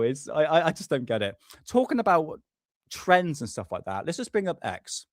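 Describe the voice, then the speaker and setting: A man's voice: on the high side, wildly swooping pitch, normal speed, no room sound. A man hosting a live stream, talking casually and ranting with swear words.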